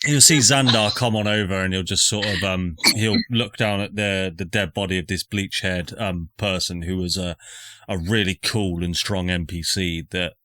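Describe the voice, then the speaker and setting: Low-voiced man as game master. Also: steady tone, moderate pace, sharp tone. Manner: loose, hesitant narration with fillers. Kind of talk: narrating a live tabletop game.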